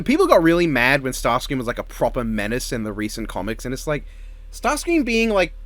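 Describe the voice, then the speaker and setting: A man co-hosting a casual podcast chat, animated and joking, with quick asides. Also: mid-range voice, no echo. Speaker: co-host.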